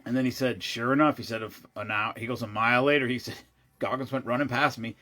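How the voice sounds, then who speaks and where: A man's voice: mid-range voice, fairly even intonation, fast, bright, forceful tone. A man chatting casually and telling a story, rambling and restarting his sentences often, with blunt, profane asides. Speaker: show regular. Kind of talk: casual chat.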